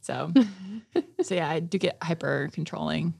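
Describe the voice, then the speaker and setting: A woman with a low, deep speaking voice talks in a casual podcast chat. She tells stories with energy, acts out the back-and-forth of what was said and swears casually. The sound is close and dry. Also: unhurried, vocal fry, husky. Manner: animated storyteller, swears casually, acts out quoted exchanges.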